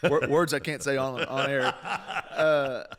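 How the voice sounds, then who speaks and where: A man's voice: mid-range voice, fairly even intonation, measured pace, a bit bright. A man, a country singer guesting on a live radio show, telling a story with many restarts and bursts of laughter. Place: live radio stage in a food hall.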